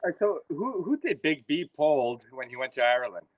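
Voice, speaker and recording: A man's voice: fairly high pitch, very animated, fairly quick, lo-fi sound. A man on a chat show, dropping short, dry remarks into the banter.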